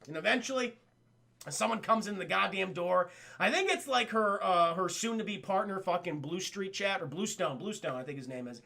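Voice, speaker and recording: Excitable, foul-mouthed young man with a gravelly voice. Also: sits high, normal speed. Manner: profane, excitable, addresses chat constantly. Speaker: cartoon reviewer and streamer. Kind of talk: casual streamed episode review.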